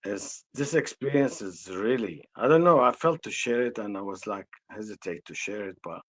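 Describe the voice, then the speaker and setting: A man with an Arabic accent, an energy healer telling a personal story in conversation, slow and halting with frequent restarts. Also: fairly low pitch, animated, fairly bright tone, poor audio.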